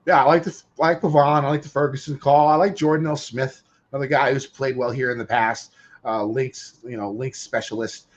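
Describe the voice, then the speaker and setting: A man filling in as guest co-host on a golf betting podcast, talking haltingly with plenty of fillers. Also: mid-range voice, steady tone, muffled recording. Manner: halting, filler-heavy talk. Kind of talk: casual golf betting chat.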